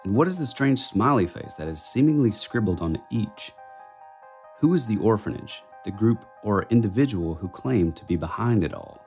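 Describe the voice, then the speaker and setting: A man's voice: on the low side, normal speed, faint music behind. A man co-hosting a casual podcast, joking with his partner and reading a recap in a dramatic tone. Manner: animated, reads recap narration in a dramatic tone. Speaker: podcast co-host.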